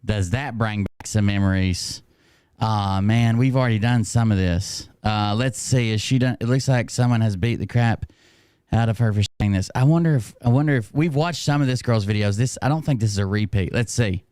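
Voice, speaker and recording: A man's voice: fairly low pitch, normal speed, darkish tone, clear, resonant tone, dry recording, clean studio sound. A man hosting a casual livestream, rambling and self-mocking, laughing often. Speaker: streamer host.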